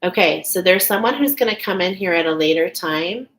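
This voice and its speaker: A woman giving a live channeled intuitive reading in a halting way, often pausing to check in with "okay". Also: fairly low pitch, lively intonation, fairly bright tone, low-quality recording. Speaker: intuitive reader.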